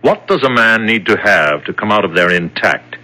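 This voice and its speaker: A bright, probing prison official. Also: male voice, lowish voice, expressive, poor audio. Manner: measured, probing. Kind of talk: 1970s radio drama acting.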